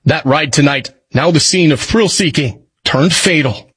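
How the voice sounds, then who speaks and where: A man delivering a scripted TV news report in a measured, formal way, played as a clip. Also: on the high side, fairly bright tone, husky.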